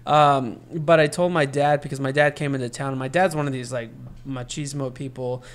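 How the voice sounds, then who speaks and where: A man co-hosting a podcast and telling a personal story at length in easy, casual chat. His voice sits at an ordinary pitch for a man. He acts out the voices of the people he quotes. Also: fairly even intonation, fairly quick, clear, resonant tone. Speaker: podcast co-host.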